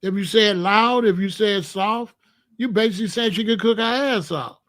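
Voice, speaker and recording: Dude w/ lecturing chat on his stream, kinda high voice, keeps repeating himself. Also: moderate pace, fairly bright tone. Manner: preachy, lecturing, repeats phrases. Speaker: host. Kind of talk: livestream commentary to chat.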